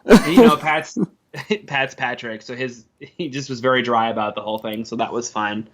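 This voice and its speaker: A man as a podcast guest, telling lively stories in casual chat and often laughing. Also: medium pitch, moderate pace. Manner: animated, laughs often, acts out quoted coworkers. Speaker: podcast guest, former video editor.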